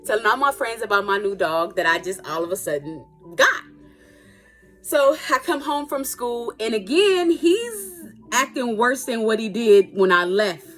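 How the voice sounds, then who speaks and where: An adult woman telling a personal story in a casual, animated and dramatic way, with playful asides. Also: a little high, a little slow, soft background music. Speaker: storytime vlogger.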